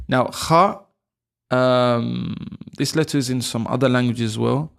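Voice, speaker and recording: A man giving a video lesson on letter sounds, patiently repeating each sound slowly for learners to copy. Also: medium pitch, fairly even intonation, gravelly. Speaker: language teacher. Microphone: camera, close framing.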